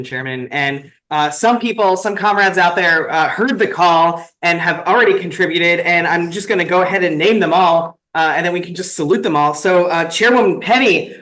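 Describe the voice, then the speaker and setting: High-voiced man reading out donors, upbeat. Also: pushed and bright, rough recording. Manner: upbeat, salutes each name. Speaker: conference emcee. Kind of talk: reading out donor names at a conference.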